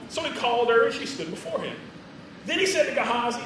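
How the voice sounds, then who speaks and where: A man's voice: high-pitched, big pitch swings, quick pace, fairly bright tone, recorded from a distance, slight background noise. A man preaching a sermon in a casual, joking way, often chuckling between phrases. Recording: echoey hall, voice from afar.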